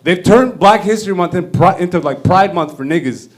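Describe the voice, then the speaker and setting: A man's voice: high-pitched, animated, a little fast. A man in his thirties doing a profane, brash stand-up comedy rant on a club stage. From Canada. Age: 30s.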